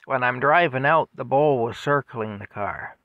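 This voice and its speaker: A man's voice: medium pitch, moderate pace, no room sound, lo-fi sound. A man casually telling a rambling story at home, with chuckles and fillers. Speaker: vlogger telling stories.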